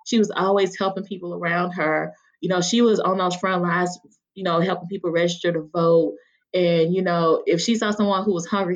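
A woman from Mississippi, a guest on a podcast, talking in an earnest, heartfelt way with many fillers. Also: lowish voice. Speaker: podcast guest, chapter member. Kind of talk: casual interview talk. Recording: dull lo-fi sound.

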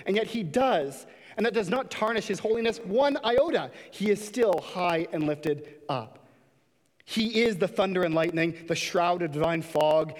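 Man, pastor, impassioned sermon, high voice, church sanctuary, long reverb. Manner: impassioned preaching with mocking voices for quotes.

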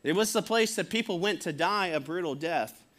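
A male pastor gives a sermon in a relaxed, conversational voice that sits fairly high. He chuckles as he goes and slips into acted quotes. He speaks plainly to a church. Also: normal speed.

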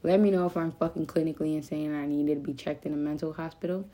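Talking fast in a low, dark voice with a steady tone, a young woman hosts a solo podcast where she confesses, vents and rambles. Swear words and fillers such as "like" and "um" show up constantly.

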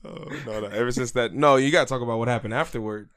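A man's voice: medium pitch, fairly bright tone, no echo, studio quality. A young man co-hosting a podcast, joking around and playfully protesting. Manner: joking, teasing and quick to protest. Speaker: podcast co-host. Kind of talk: casual chat.

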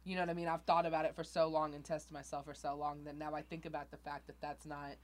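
A woman's voice: sits low, flat delivery, fast talker. A woman guesting on a podcast in casual chat, speaking thoughtfully and reflectively, with some teasing.

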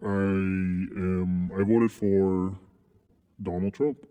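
A young man from Southern California, co-hosting a crude podcast in a halting, deadpan way and repeating words as he goes. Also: low-pitched, narrow, tinny audio. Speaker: podcast co-host. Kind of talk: crude casual banter. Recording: long reverb.

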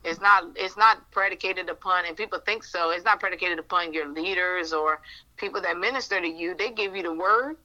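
A woman's voice: fairly low pitch, brisk, bright, forceful tone, highs cut off. A woman giving a fervent, emotional personal testimony in a faith podcast interview, telling her story vividly. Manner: fervent, storytelling, acts out her prayers with God. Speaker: minister sharing a testimony.

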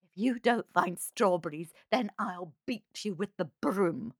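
A woman's voice: mid-range voice, lively intonation, measured pace, no room sound, studio quality. A woman voicing a cruel wicked stepmother who screams threats in a storybook. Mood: threatening.

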